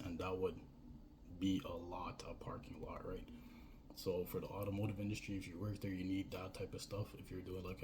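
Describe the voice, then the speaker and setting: Deep and darkish in tone, a business coach's voice rambles through casual advice, frequently ending points with "right?" or "you know." There's slight background noise.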